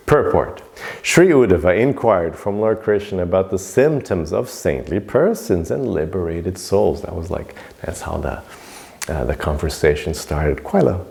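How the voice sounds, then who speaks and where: A man teaching a scripture class in an informal lecture, emphatic and repetitive, sometimes dropping to a soft hush. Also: lowish voice, vocal fry.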